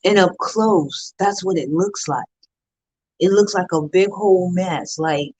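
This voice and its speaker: A woman's voice: on the low side, unhurried, a little mellow, breathy edge, dry recording, poor audio. A middle-aged woman giving an earnest motivational talk on a live stream, with a preacher-like rhythm of repeated phrases. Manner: earnest, preacher-like cadence with repetition. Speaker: motivational speaker.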